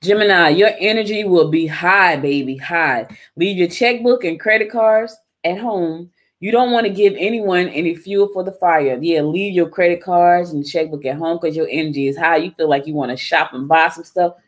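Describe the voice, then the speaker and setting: A woman's voice: lowish voice, moderate pace, few pauses. Chatty woman host saying y'all. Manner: chatty, repeats phrases, addresses listeners as y'all. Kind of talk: casual live-show chat.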